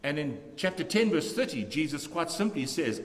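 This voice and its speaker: A man preaching a measured, emphatic sermon as pastor in a church. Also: on the high side, expressive. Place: church sanctuary. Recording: long church reverb.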